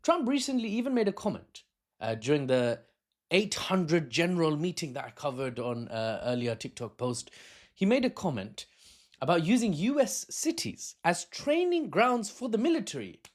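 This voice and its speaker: A man's voice: a little high, big pitch swings, normal speed. A man, talking as a political analyst in an unscripted video, chatty and laughing often at his own asides, recorded on a phone camera. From Britain.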